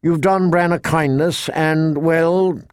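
A man's voice: on the high side, steady tone, slow pace, a little mellow, clear, resonant tone, no room sound, studio quality, pitched above the performer's own voice. A man voicing a stiff, uneasy young nobleman who halts and stumbles over his words in an audiobook reading. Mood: awkward. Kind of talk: audiobook character voice.

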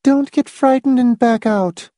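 A man putting on a tense middle-aged woman conspirator in an audiobook, high and clipped, flat and urgent in delivery. The voice sits dry and close, with no room sound around it. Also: unhurried, no echo.

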